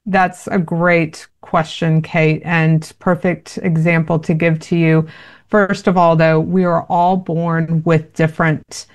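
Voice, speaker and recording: A woman's voice: sits low, flat delivery, slow. A woman giving parenting advice in an interview, earnest and explanatory, with many fillers. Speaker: parenting expert guest.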